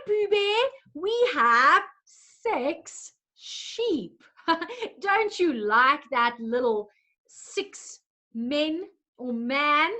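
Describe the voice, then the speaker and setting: A woman with a high, sharp-toned voice teaches young children a lesson. She coaxes them in a sing-song manner and makes animal noises as she goes.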